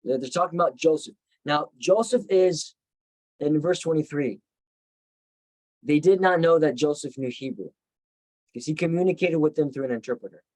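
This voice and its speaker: A man's voice: fairly high pitch, normal speed, pauses often, a little mellow, dry recording, rough recording. A man teaching a Bible study, retelling the story reflectively with frequent restarts.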